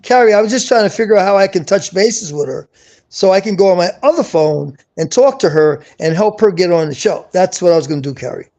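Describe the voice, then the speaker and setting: This live-stream host has a high-pitched, expressive voice with a darkish tone and talks a little fast. Casual but insistent, he says things again and again and frequently restarts mid-sentence.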